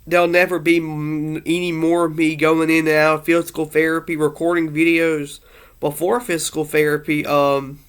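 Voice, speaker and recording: A man's voice: fairly high pitch, flat delivery, normal speed, fairly bright tone, smooth. A man talking through a casual, rambling monologue about his team's season, earnest and a little emotional, full of fillers and restarts. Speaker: sports fan vlogger.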